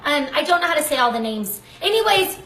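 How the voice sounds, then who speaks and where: A woman's voice: high voice, sing-song, fast, bright, forceful tone. A woman hosting a live cooking demonstration from her home kitchen, chatty and effusive, often breaking off mid-sentence. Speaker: cooking show host. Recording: echoey kitchen. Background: baby crying.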